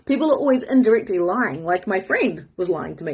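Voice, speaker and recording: A woman in her thirties hosting a casual motivational talk, candid and animated, who sometimes mimics friends in a high squeaky voice. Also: brisk, few pauses, husky. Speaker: host.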